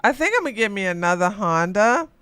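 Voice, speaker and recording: A podcast host reading news headlines aloud and reacting with loud exclamations and asides. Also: mid-range voice, big pitch swings, fast, clean tone, dry recording. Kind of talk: live news commentary.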